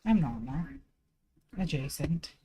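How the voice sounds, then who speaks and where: A woman's voice: deep voice, expressive, takes it slowly, dark tone, husky, rough recording. A woman live streamer chatting casually from home, rambling and self-deprecating, swearing freely and filling her talk with "like". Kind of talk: casual chat.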